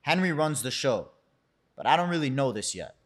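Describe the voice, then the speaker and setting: A man's voice: medium pitch, moderate pace. A young man tells a story as a guest in a casual podcast chat. His voice sits in an everyday middle register, and he narrates with energy, dropping curse words and slipping into the voices of the people he describes. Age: young adult. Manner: animated storyteller who curses freely and acts out quotes.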